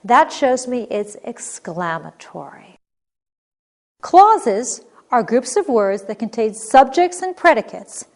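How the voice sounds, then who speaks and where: A woman teaching a recorded grammar lesson, reading example sentences clearly and expressively, then explaining them. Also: a little high, sing-song, takes it slowly.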